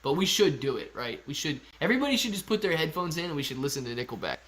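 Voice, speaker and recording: A man hosting a casual live stream, chatting excitably with viewers and laughing often. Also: fairly high pitch, rapid-fire. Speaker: livestream host reading chat.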